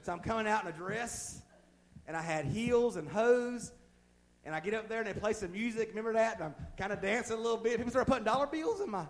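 Fervent high-voiced male preacher. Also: fast. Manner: fervent preaching that swells from quiet to loud; folksy, plain-spoken, with humorous asides. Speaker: pastor. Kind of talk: sermon. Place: church.

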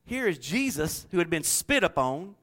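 A middle-aged man preaching a sermon, telling folksy stories in an animated way and laughing often. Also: fairly high pitch, normal speed.

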